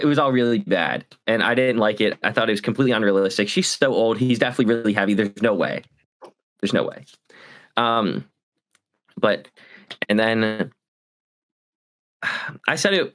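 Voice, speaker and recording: A man co-hosting a podcast in casual chat, halting and full of fillers. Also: fairly low pitch, a bit bright. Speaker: podcast co-host.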